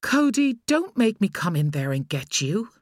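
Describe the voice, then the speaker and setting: A woman's voice: mid-range voice, sing-song, moderate pace, dry recording, clean studio sound, pitched above the performer's own voice. A woman voicing a worried young mother in an audiobook. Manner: firm, worried.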